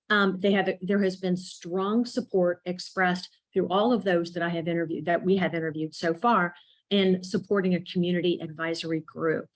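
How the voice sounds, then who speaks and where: A woman's voice: on the low side, rough recording. Woman presenting at a public meeting. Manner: explanatory, with frequent fillers. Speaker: community involvement consultant.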